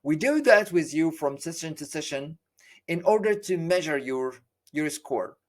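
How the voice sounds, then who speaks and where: Earnest teacher. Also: male voice, a little high, animated, measured pace. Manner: earnest, with frequent fillers and restarts. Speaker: English exam teacher. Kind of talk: lecture explaining a course.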